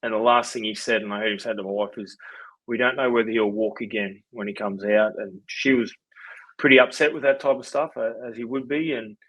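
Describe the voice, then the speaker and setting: A man in his forties with an Australian accent, a podcast guest telling his story in a relaxed, rambling way with lots of fillers. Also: fairly low pitch, fairly quick, no echo, rough recording. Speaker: podcast guest, former rugby league player. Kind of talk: casual storytelling interview.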